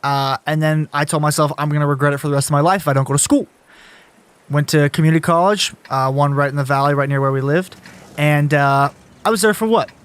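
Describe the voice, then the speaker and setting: A man's voice: a little high, fast, clear, resonant tone, dry recording. A young man in his twenties telling a story about dropping out of school in a casual podcast chat, swearing freely.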